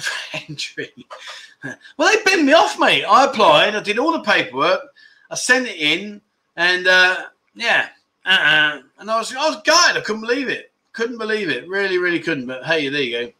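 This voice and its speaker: A man's voice: high-pitched, very animated, fairly quick, bright, forceful tone. A middle-aged man hosting a casual livestream chat show, reading out viewer comments with jokey, self-mocking banter.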